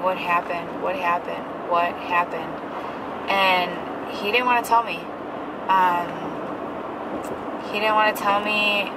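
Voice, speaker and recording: Woman, casual vlog storytelling, chatty with lots of fillers, loud car road noise behind. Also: fairly low pitch. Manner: chatty, many fillers and restarts. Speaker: mother telling her son's story. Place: in a moving car.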